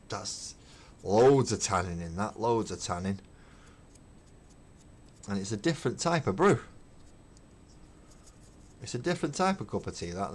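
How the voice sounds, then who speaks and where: A middle-aged man chatting casually on a painting livestream, emphatic and opinionated, swearing as he rants. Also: lowish voice. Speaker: hobby livestream host. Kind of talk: casual chat while painting.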